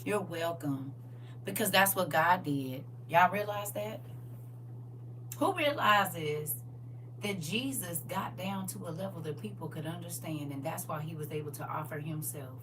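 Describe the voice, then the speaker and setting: A middle-aged woman preaching a lively sermon to a congregation. She swings between soft asides and loud bursts and acts out the people she quotes. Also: lowish voice, measured pace. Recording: distant mic with faint hum.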